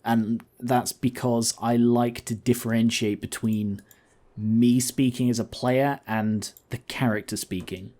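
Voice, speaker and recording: A man's voice: mid-range voice, steady tone, measured pace, a little mellow. A man hosting a let's-play, chatting casually and thinking aloud as he plays. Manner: rambling, thinks aloud with fillers and asides. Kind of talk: casual game commentary.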